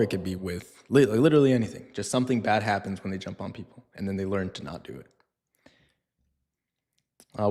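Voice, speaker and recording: A man's voice: on the low side, a little mellow, in a large hall. A man who trains dogs, answering viewer questions on a live stream in a loose, chatty way with lots of fillers. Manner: casual, chatty, lots of fillers, acts out scenes in funny voices. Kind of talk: live Q&A stream, casual talk.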